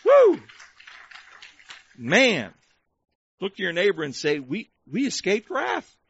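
A man preaching a sermon, calling for amens and shouting praise, slowing down to stretch key words for emphasis. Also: high voice, very animated, breathy edge, no echo, muffled recording. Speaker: pastor.

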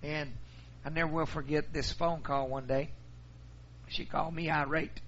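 A man's voice: a little high, little pitch movement, normal speed, a bit bright, highs cut off, slight background noise. A middle-aged man, a pastor telling folksy stories in a sermon. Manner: folksy storytelling.

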